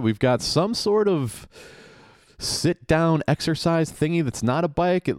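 A man hosting a podcast, giving sarcastic, mocking play-by-play of a TV game show with quick asides. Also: medium pitch, a little mellow, no room sound, studio quality. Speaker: podcast host.

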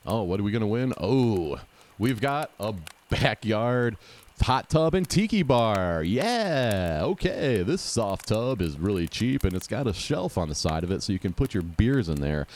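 A man's voice: lowish voice, very animated, a little slow, darkish tone, slight background noise. A man giving sarcastic, mocking play-by-play of a game show rerun, talking back at the screen. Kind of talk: casual sarcastic play-by-play commentary.

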